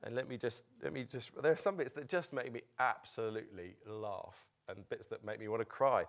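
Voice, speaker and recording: A man preaching a sermon as pastor, animated, laughing easily and breaking off into halting restarts. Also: mid-range voice.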